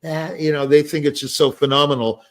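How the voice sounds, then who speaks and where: A man's voice: fairly high pitch, steady tone, fairly quick. An older man in casual discussion, telling rambling stories with many fillers and restarts. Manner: rambling, anecdotal, many fillers like "you know". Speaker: podcast host.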